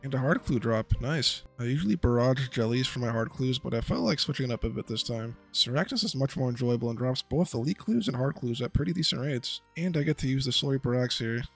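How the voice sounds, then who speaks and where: A young man doing a casual voice-over commentary on his game progress, excitable and swearing when hyped. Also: medium pitch, fast, creaky, few pauses, breathy edge, soft background music. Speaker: gaming video creator.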